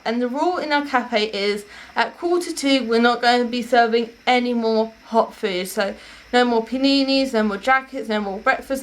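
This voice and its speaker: A young woman with a slightly high-pitched voice tells anecdotes to camera at home. Her delivery is chatty and rambling, full of restarts and self-corrections. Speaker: vlogger. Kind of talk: casual storytelling to camera.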